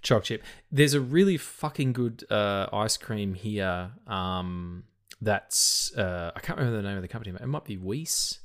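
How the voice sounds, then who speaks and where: A man's voice: lowish voice, expressive, unhurried. Rambling man, sweary. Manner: rambling, swears freely, stutters and restarts. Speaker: podcast co-host. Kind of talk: casual film podcast chat.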